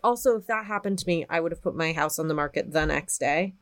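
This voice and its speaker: Speaking quickly in a low voice, this podcast co-host gives an animated, profanity-laced retelling of a ghost story in a casual style.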